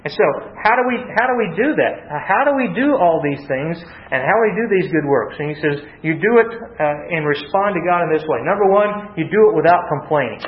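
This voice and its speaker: Slightly high-voiced man preaching a sermon. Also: lively intonation. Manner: halting, repeats words, reads scripture slowly. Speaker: pastor. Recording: roomy, dull lo-fi sound.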